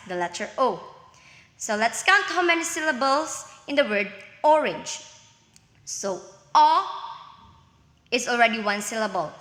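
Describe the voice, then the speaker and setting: A woman's voice: a little high, sharp tone. A woman teacher giving a recorded lesson, explaining step by step and often checking in with "okay?". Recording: echoey room with long reverb.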